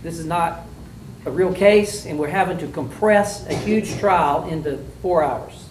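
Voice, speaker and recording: Here a man with a fairly high, slightly mellow voice speaks a little slowly as he gives students folksy, plainspoken critique in the style of a mock trial judge, often saying "uh" and "um." The recording sounds far from the mic, in an echoey, roomy space with faint room hiss.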